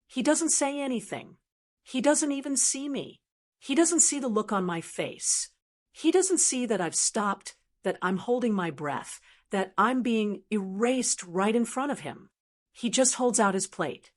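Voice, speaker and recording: A woman's voice: fairly high pitch, lively intonation, unhurried. An older woman narrating a first-person family story in a reflective, emotional way.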